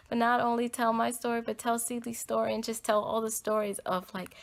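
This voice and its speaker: Earnest young woman telling a personal story. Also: a little high. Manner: earnest, heartfelt, rambling with many "like" and "um". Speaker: podcast host.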